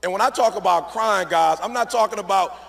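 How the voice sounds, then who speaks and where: Gravelly high-voiced motivational speaker. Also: male voice, brisk, fairly bright tone. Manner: emphatic, repetitive, addresses crowd often. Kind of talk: motivational speech to a live audience. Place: large event hall. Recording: echoey large hall.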